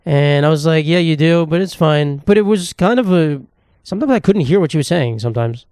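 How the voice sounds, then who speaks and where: A man's voice: on the high side, lively intonation, a little fast, darkish tone, clear, resonant tone, no echo, studio quality. A man in his twenties hosting a solo podcast, rambling with crude, self-mocking humor. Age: 20s. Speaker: podcast host. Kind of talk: casual solo podcast monologue. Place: indoor room, at a table.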